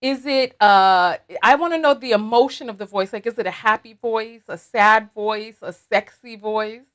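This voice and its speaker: In a livestream commentary chat, the female host speaks straight to her audience with lots of animation. She has a somewhat high, slightly bright voice and speaks at a normal speed.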